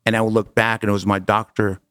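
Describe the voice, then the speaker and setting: A middle-aged man telling a personal story as an interview guest, animated and casual, acting out dialogue. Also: fairly low pitch, fast, clear, resonant tone, no echo. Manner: animated, acts out quoted dialogue, casual slang.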